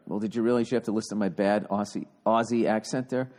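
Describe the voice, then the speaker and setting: A man's voice: on the low side, quick pace, few pauses, darkish tone, big-room sound. A man hosting a podcast, giving casual advice in a blunt, profane way. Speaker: podcast host.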